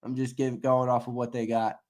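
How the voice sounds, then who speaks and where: A man's voice: medium pitch, level tone, brisk, darkish tone. A man hosting a sports live stream, bantering casually, laughing often and reading viewer comments aloud. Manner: laughing, playful, reads chat aloud. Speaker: podcast host.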